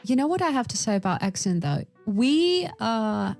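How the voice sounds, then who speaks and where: A woman whose native language is Russian, an English teacher chatting lively and emphatically on a podcast. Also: fairly high pitch, creaky, faint music behind. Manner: lively, emphatic, quick storytelling. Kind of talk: casual podcast chat.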